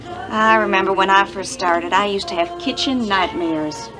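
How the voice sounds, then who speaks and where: An actress playing a kindly, teasing coworker in a 1980s TV soap opera. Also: female voice, mid-range voice, normal speed, over music, close to an everyday voice, rough recording. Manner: warm, teasing, encouraging. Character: kindly motherly coworker, Nita.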